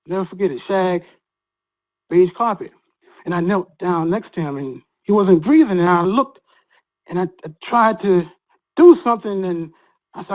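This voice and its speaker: A man speaking as a guest, telling an emotional personal story in an earnest, halting way with many repeated restarts. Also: high voice, lively intonation, rough recording.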